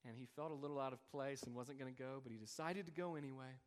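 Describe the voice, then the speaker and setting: Pastor guy preaching to his church, earnest storytelling, mid pitch, big echoey hall. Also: fast. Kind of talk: sermon. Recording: long reverb of a large hall.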